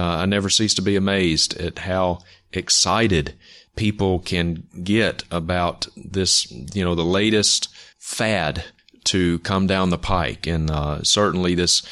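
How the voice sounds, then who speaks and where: A man with a low voice hosts a faith radio program. He talks through his topic in a measured, deliberate and skeptical way. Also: fairly bright tone. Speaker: radio show host. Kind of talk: talk radio monologue.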